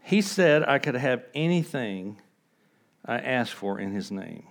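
A man preaching a sermon as pastor, conversational, asking the congregation rhetorical questions and swinging between hushed and emphatic delivery. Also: medium pitch, sing-song, unhurried, vocal fry.

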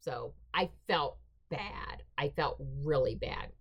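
A middle-aged woman hosting a podcast, telling a story in a casual, animated way and acting out what people said. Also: deep voice, slow pace, vocal fry, muffled recording. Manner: animated, acts out quoted dialogue. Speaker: podcast host.

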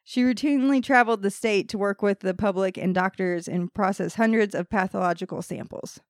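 A woman's voice: medium pitch, brisk, no room sound, clean studio sound. A woman hosting a podcast, reading a history story from notes and breaking into laughing banter with her co-hosts.

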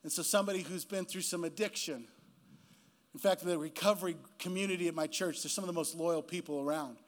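A man's voice: a little high, quick pace. A man in his fifties, a guest pastor preaching a sermon in a church, telling stories and acting out the people he quotes. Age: 50s. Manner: animated storytelling preacher who acts out quoted voices.

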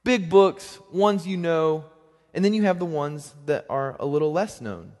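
A young man preaching a sermon as pastor, in a conversational, joking manner with lively swings in pitch and loudness. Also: unhurried. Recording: long hall reverb.

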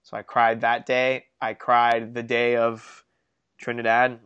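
A young man co-hosting a casual sports podcast, telling stories in an animated, self-mocking way. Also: mid-range voice, slow pace, smooth, muffled recording. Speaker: podcast co-host.

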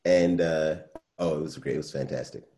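A man's voice: very deep voice, normal speed, dark tone. A man in his forties in casual chat, teasing and laughing a lot with profane slang. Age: 40s.

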